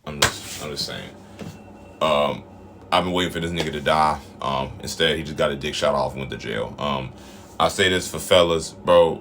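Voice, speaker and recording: A man's voice: a bass voice, moderate pace, noisy background. A man giving casual opinion commentary on a show, blunt, emphatic and full of profanity.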